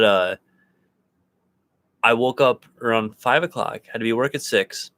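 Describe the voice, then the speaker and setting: A man chatting casually as co-host of a paranormal show, his stories wandering with fillers and restarts. His voice sits at an ordinary middle pitch. The sound is close and dry, with no room echo. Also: a bit bright, clean tone. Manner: rambling storyteller, many fillers and restarts. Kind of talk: casual chat. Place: home studio.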